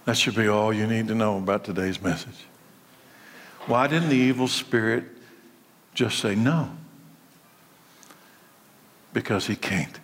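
A man's voice: on the low side, gravelly, fairly bright tone, long reverb tail. A man preaching a sermon as pastor, speaking emphatically and repeating his key phrases for weight.

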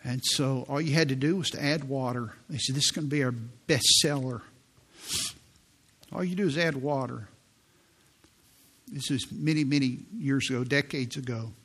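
A man in his sixties, a pastor preaching a sermon in a church, telling stories in an earnest way and slowing down for quoted prayers. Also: mid-range voice, fairly bright tone, husky. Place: church sanctuary.

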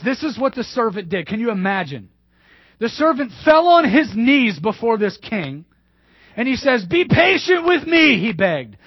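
A male pastor preaching a sermon emphatically, repeating key phrases and dropping to hushed asides. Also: high voice, husky, no echo. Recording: dull dry lo-fi sermon recording.

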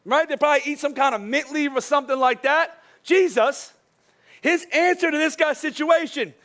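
A man preaching a sermon as a pastor, his voice worn from speaking all day. He tells jokey stories and drops soft and slow for the serious points. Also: very high voice. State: voice wearing out from a long day of preaching.

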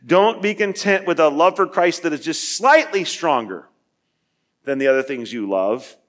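A man preaching a sermon, earnest, asking his listeners questions and building to emphatic peaks before dropping quiet. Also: fairly high pitch, very animated, normal speed. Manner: asks the listeners direct questions. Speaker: pastor.

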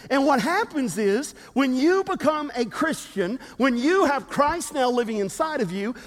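High-voiced preacher in a big hall. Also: male voice, lively intonation, unhurried. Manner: preaching with rising emphatic repetitions and call-and-response. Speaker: pastor. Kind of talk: sermon. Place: church sanctuary. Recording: reverberant hall.

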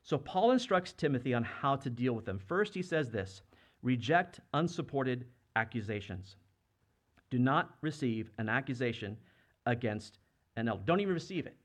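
A man's voice: mid-range voice, animated, moderate pace. A man in his thirties or younger preaching a sermon, earnest and conversational, often asking the congregation questions. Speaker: pastor.

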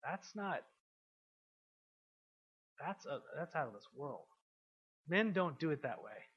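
A man preaching a sermon to a congregation. He asks them questions and swings from quiet, intimate passages to loud, emphatic ones. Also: fairly high pitch, big pitch swings, takes it slowly, slightly rough, dull audio. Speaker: pastor.

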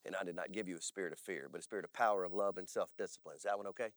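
A male pastor preaching a sermon, telling stories in an animated way and often checking in with "all right?". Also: low voice, racing, no echo. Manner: animated storytelling with frequent "all right?" asides.

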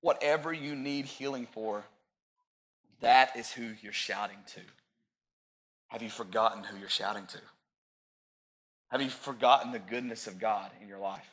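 A man in his thirties preaching a sermon as pastor, rising to loud peaks and dropping into joking asides. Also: lowish voice, moderate pace, long pauses.

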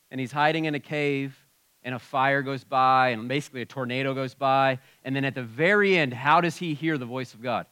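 A male pastor preaches in a relaxed, conversational way, swinging between soft asides and louder emphasis. His voice sits at an ordinary pitch and sounds dry and close, with little room sound. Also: clean tone, no room sound. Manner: conversational preaching with shifts in loudness. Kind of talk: sermon. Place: church sanctuary.

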